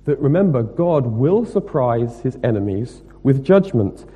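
A man preaching a sermon, emphatic and rhetorical, moving between loud stressed points and quieter asides. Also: mid-range voice, big pitch swings, unhurried, slightly rough, highs cut off. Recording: long reverb of a hall.

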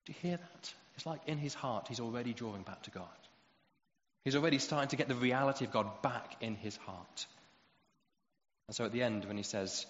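A man preaching a sermon, animated as he acts out quoted voices. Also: mid-range voice, brisk. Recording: roomy hall echo, dull lo-fi sound.

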